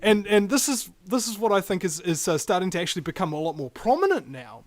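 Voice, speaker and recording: A man hosting a radio talk show, talking in a rambling, animated way with many fillers. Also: high voice, fast talker, dry recording. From New Zealand. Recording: radio broadcast.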